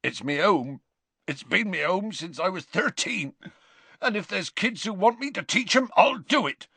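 A huge, soft-hearted groundskeeper, as a male narrator puts him on, choked up with tears and talking in a rustic dialect. His voice climbs high and wavers, and the recording is dry and close. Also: expressive, unhurried, vocal fry, slightly rough, no echo, exaggerated voice. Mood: tearful. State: tearful.

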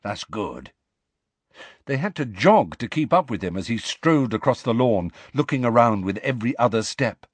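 A man reading a storybook aloud in a measured, expressive narration. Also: medium pitch, slightly rough, no room sound. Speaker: audiobook narrator.

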